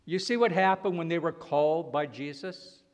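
A man preaching a sermon, slow and deliberate, swinging between loud emphatic lines and quiet ones. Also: fairly high pitch.

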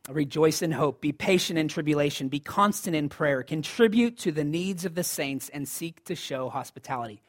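A man's voice: on the high side, expressive, normal speed, few pauses. A man preaching a sermon in a conversational style, rising to emphatic lines. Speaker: pastor.

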